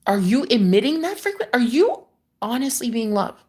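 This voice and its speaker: A woman's voice: on the high side, very animated, fairly quick, a little mellow. Casual swearing young woman livestreamer. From United States. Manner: meandering, swears casually, laughs often. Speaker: livestream host. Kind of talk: casual spiritual chat to viewers.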